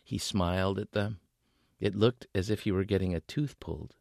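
A male author reading his novel aloud in an expressive way, voicing the characters. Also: sits low, moderate pace, creaky, dry recording, clean studio sound.

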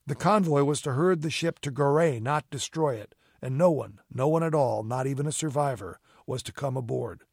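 A man's voice: mid-range voice, a little mellow, no room sound, clean studio sound. Sherlock Holmes, read by a man coolly commanding. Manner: measured, crisp and coolly ironic. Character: calm, cutting gentleman detective, cool and commanding. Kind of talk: audiobook character reading.

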